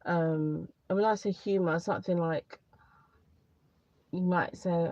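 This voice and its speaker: A woman with a lowish voice talks candidly to her live viewers and gives advice in a loose, rambling way, often saying things twice. The sound is dry and a little dull, like a phone or laptop mic on a stream. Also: fairly even intonation, measured pace, darkish tone, no echo. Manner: candid, rambling, repeats herself. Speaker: career advice livestreamer. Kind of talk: casual live chat to viewers.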